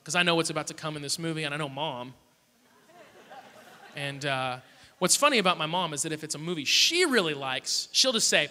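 A man's voice: fairly high pitch, a little fast, long pauses, pushed and bright. A man in his thirties preaching a sermon, telling a funny family story to his church. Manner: storytelling with humor. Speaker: pastor. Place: large church hall. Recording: long hall reverb.

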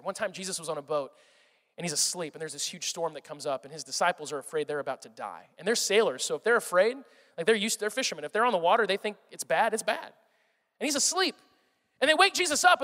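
Pastor, male, high voice, lively sermon that swings from loud to hushed, big echoing hall. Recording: long reverb of a large hall.

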